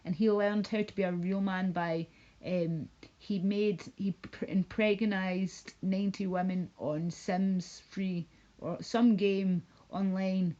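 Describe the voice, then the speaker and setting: A woman's voice: mid-range voice, steady tone, slow, mellow, muffled recording. A woman streaming live from home, ranting casually in a rambling, profane and mocking way. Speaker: livestreamer. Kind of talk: casual livestream rant.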